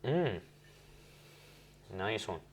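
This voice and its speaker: A man's voice: lowish voice, very animated, drawn-out words, slight background noise. Rambling man tasting beer at home. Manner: rambling, self-correcting, chatty. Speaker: host reviewing beers. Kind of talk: casual beer-tasting vlog.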